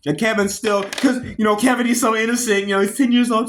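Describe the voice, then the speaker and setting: A man's voice: high-pitched, fast, a little hiss or hum. A man giving a casual, rambling movie review, giggling often and jumping between tangents. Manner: excitable, jumps between tangents.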